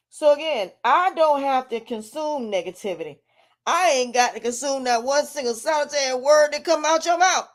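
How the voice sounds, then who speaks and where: High-voiced defiant woman vlogging. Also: fairly bright tone. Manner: defiant, emphatic, repeats herself, laughs often. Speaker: vlogger, life coach. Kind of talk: casual monologue to camera.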